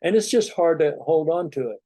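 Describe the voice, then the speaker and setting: A man talking to his students as a meditation teacher, in a loose, rambling conversational way. His voice is mellow and soft-edged, and the recording is dry and close, with no room sound. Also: a little high, a little fast, no room sound. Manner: relaxed, rambling, conversational, many "you know"s. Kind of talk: informal spiritual talk to students.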